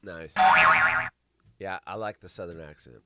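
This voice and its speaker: A middle-aged man hosting a live show, rambling and swearing, with big swings between loud bursts and mumbling. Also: on the high side, very animated, a little slow, dry recording. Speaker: podcast host. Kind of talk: casual live-stream chat.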